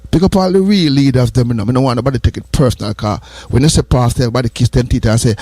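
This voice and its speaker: Delivering earnest, repetitive morning advice like a sermon, this Jamaican radio host slides back and forth between patois and English. He talks at a racing clip with hardly any pauses, his medium-pitched voice mellow and husky. It's a dry, close recording with no echo.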